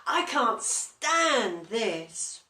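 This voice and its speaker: A woman voicing a tired, grumpy male bear who cannot sleep, complaining in slow drawn-out words. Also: fairly high pitch, sing-song, sharp tone, heavily acted. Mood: exasperated. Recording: roomy echo, distant mic.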